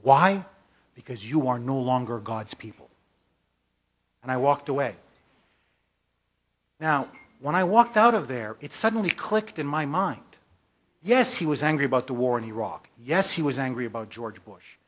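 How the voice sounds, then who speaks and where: A man, a magazine editor, telling a story in an emphatic speech to a conference audience, building up to forceful repeated lists. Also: medium pitch, lively intonation, normal speed. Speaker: magazine editor giving a talk. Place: conference hall.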